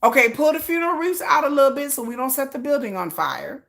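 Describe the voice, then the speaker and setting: Brash, high, bright-voiced woman ranting. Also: fast, vocal fry. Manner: animated and brash, acts out her own comebacks with big pitch jumps, curses freely. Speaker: content creator hosting a live stream. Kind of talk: casual ranting chat to viewers.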